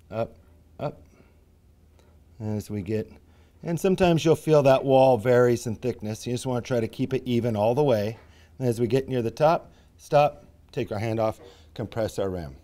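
Demonstrating live on the pottery wheel, a male professor explains each step at normal speed in a medium-pitched voice. Folksy comparisons color his talk, and he sinks into a quiet mutter while shaping the clay.

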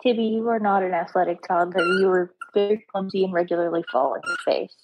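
A woman's voice: medium pitch, quick pace, dull audio, noisy background. A woman guest on a casual live audio chat, a nuclear engineer who talks in an easygoing, chatty way.

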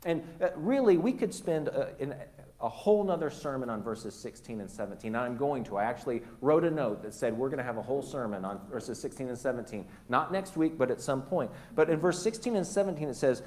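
A man's voice: mid-range voice, lively intonation, brisk, darkish tone. A man preaching a church sermon in an earnest way, sometimes dropping to a near whisper for emphasis. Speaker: pastor. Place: church sanctuary.

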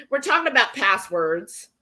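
A woman's voice: fairly high pitch, big pitch swings, slow, bright, forceful tone. A woman hosting a live cooking stream from her home kitchen, chatting casually and rambling as she reads viewer comments aloud. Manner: chatty and rambling, with many fillers. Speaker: livestream cooking host.

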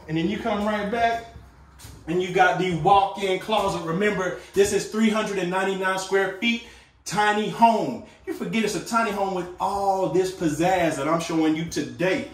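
This host from a tiny home company walks viewers, whom he calls guys, through a small furnished tiny home in a relaxed, upbeat sales style. His voice sits high and his pace is normal, with a roomy sound, the mic far away, and slight background noise.

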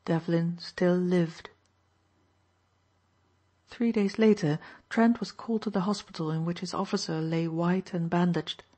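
A woman narrating an audiobook in a steady, even reading voice. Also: on the low side. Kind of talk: scripted narration.

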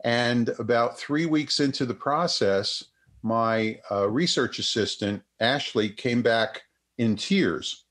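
A man's voice: mid-range voice, slow, fairly bright tone. An older man, a psychotherapist and researcher, telling a story in an interview with many restarts and acted-out quotes.

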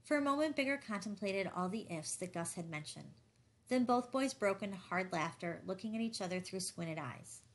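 A woman reading a novel aloud as an audiobook narrator, measured and even. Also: mid-range voice. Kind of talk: scripted narration.

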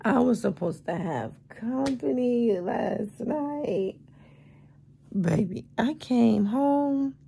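Groggy just-woke-up woman, gravelly voice. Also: fairly high pitch, very slow, slight background noise. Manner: expressive, emphatic, calls viewers y'all and baby. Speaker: vlogger. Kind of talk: casual morning vlog chat. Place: bedroom, lying in bed.

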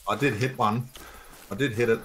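A man playing along on a game stream, calmly calling out what he sees and shoots. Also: medium pitch, moderate pace, slight background noise. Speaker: co-player. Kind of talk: casual gameplay chat.

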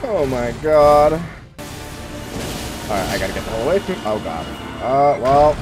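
A young man swearing and commentating his gameplay in exasperation, yelling in panic at a boss. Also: mid-range voice, sing-song, moderate pace. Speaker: gaming streamer. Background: game music.

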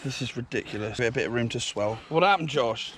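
A man on a mountain bike ride, laughing and swearing through pain in casual banter, yelping loudly. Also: medium pitch, animated, brisk, a little hiss or hum. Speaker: mountain biker. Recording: outdoor clip with group chatter.

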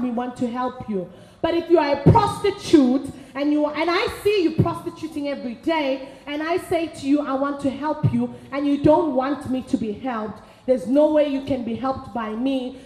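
A woman's voice: sits high, a little mellow. A South African woman giving a frank, humorous sermon-style talk to a women's gathering, telling stories with quoted dialogue. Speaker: speaker at a women's ministry event. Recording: echoey hall.

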